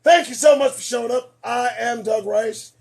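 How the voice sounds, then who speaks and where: A man hosting a late-night commentary show, losing his voice, emphatic and preachy, repeating lines for effect and swinging between shouting and muttering. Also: very high-pitched, moderate pace.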